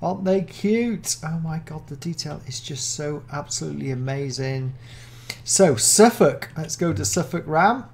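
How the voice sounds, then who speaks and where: A British-accented speaker walks through a game mod in casual commentary, gushing over everything with gasps and excited oohs. The voice has a gravelly, creaky edge and sits at a middle pitch. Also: a little slow. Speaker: Minecraft mod showcaser.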